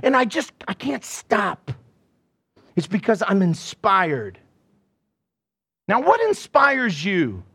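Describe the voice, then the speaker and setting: Middle-aged male pastor, high voice, animated storytelling sermon with plenty of laughs. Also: slow pace, pauses often, breathy edge. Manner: animated storytelling, acts out quotes and laughs often. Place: church.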